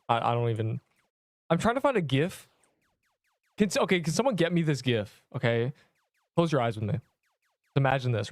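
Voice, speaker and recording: A man streams an online game live, playfully chatting with viewers, reacting to chat and joking at his own expense. His voice is on the high side, recorded with no echo at studio quality.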